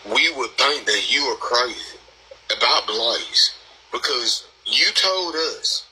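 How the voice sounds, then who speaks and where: A man hosting a live stream panel talks in a loose, rambling way, cursing freely and doubling back on himself. His voice is strikingly bright and sits at an ordinary pitch, with a faint hiss in the background. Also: low-quality recording. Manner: blunt, rambling, profane. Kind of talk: casual live stream chat.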